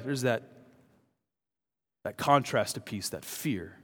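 A man preaching a sermon as pastor, moving between loud urgent emphasis and soft hushed words. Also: medium pitch, expressive, slow pace, pauses often, husky. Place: church. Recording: long hall reverb.

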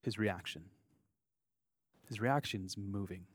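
Low-voiced pastor telling a story. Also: male voice, slow, breathy edge, no echo. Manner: conversational storytelling, candid asides. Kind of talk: sermon.

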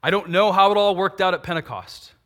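Animated man preaching a sermon, bright voice. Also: a little fast. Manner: animated, wide swings from loud emphatic peaks to quiet low asides; rhetorical questions, answers himself. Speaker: pastor.

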